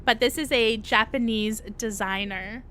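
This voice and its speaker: Young female streamer, fairly high voice, unhurried chatty delivery, reacts to chat. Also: a bit bright, slight background noise. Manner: chatty, reads and answers viewer comments. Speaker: livestream host. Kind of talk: casual livestream chat.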